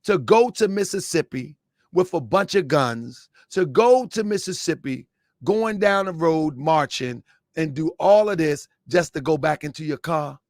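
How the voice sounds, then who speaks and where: A man's voice: on the high side, expressive, unhurried, darkish tone, dry recording, clean studio sound. A man giving a mocking commentary vlog, asking rhetorical questions and laughing often. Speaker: online commentator.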